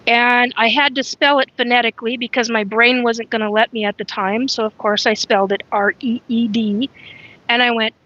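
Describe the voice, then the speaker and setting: A woman's voice: on the high side, fairly even intonation, moderate pace, bright, forceful tone, lo-fi sound. A woman hosting a casual live stream, rambling frankly and greeting viewers by name as she talks. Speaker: livestream host.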